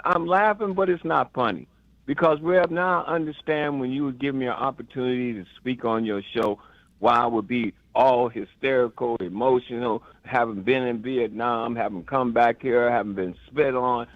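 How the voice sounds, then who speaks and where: Older guy from chicago calling in, gravelly voice, worked up and rambling, muffled dry phone sound. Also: medium pitch, moderate pace, no room sound. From Chicago area, US. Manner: emotional, rambling, stammering repeats. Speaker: caller. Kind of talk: impassioned call-in rant. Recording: dull phone line.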